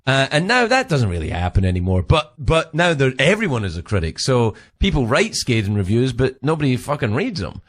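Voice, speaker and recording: A man's voice: medium pitch, very animated, brisk, few pauses. A middle-aged man with a Scottish accent, a guest comedian in casual chat, who laughs often and swears. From Scotland.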